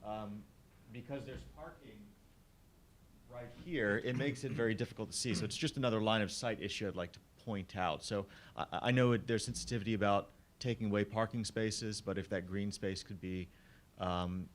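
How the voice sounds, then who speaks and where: Polite man giving measured public comment. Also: lowish voice, fairly even intonation. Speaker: resident speaking at public comment. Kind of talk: public comment at town meeting.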